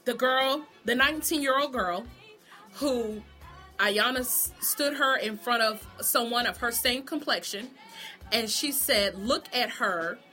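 Bright, blunt, foul-mouthed woman vlogger. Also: a little high, a little slow, soft background music. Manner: blunt, profane, sassy, laughs often. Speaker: vlogger reviewing a TV show. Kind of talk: casual opinionated monologue.

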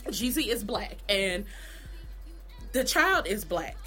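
A woman vlogger delivering an animated, profane comedic gossip rant straight to her viewers. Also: medium pitch, takes it slowly, faint music behind.

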